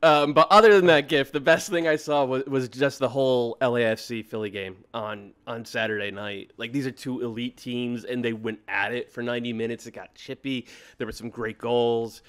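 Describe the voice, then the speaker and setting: A man co-hosting a casual soccer chat, emphatic and quick, repeating his phrases for stress. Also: medium pitch, fairly even intonation, clean tone. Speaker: soccer analyst co-host.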